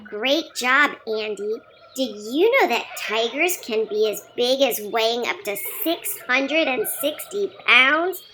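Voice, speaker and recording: Woman doing a little girl puppet, very high voice, bouncy sing-song, slow and encouraging, children's puppet lesson. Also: lively intonation, sharp tone, a little hiss or hum. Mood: cheerful.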